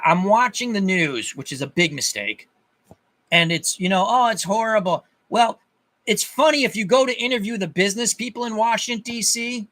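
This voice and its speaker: An angry man rants to his viewers in a high, bright voice. He swears a lot, restarts sentences and hammers the same point again and again. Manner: angry, profane, repeats himself in bursts. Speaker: channel host. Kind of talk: ranting monologue to viewers.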